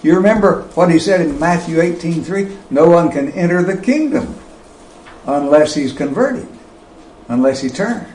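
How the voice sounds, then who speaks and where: Male preacher, sermon, high voice, lively pitch, echoey room. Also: slight background noise. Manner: slow and emphatic, with wide swings of pitch and loudness.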